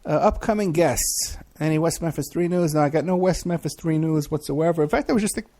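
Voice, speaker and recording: On a casual livestream, a middle-aged talk show host fields viewer questions in a rambling, chatty manner, hesitating often. He speaks fairly quickly in a fairly high voice with a dark tone.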